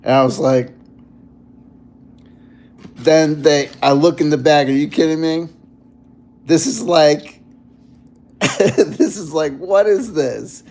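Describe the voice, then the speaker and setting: Gravelly rambling man vlogging. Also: on the high side, slow pace, pauses often. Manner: rambling and animated, full of fillers. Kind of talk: casual chat.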